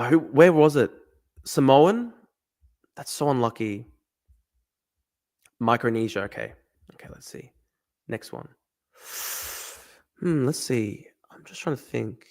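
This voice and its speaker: Lively, excitable guy swearing. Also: medium pitch. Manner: profane, excitable, thinks aloud. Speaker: streamer. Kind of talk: live-stream commentary while playing a guessing game.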